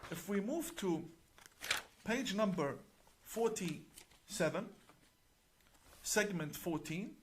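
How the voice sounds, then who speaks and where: A middle-aged male imam with a somewhat raised speaking pitch explains a religious book to camera. He talks in a deliberate, emphatic way and slows down to stress key words. He also recites passages in Arabic. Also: animated, background noise.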